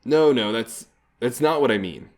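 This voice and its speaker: A man's voice: mid-range voice, expressive, normal speed, darkish tone. A man hosting a let's play, reading the game text aloud with casual, chuckling asides. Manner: casual, chuckling asides between read lines.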